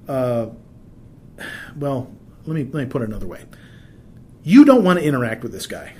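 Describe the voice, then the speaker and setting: A man's voice: fairly high pitch, dark tone. A middle-aged man giving practical advice in a casual, conversational way, often restarting sentences and using fillers. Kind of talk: casual explanatory talk with anecdotes.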